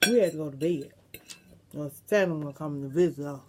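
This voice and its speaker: A woman's voice: deep voice, quick pace, slight background noise. A middle-aged woman vlogger, chatting casually and reminiscing to her viewers, with some salty language. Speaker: mukbang vlogger.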